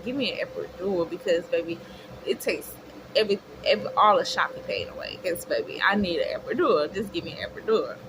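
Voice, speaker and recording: A young woman telling a chatty, expressive storytime to her viewers, calling them y'all. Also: mid-range voice. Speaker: vlogger. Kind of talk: casual storytime. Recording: clear background noise.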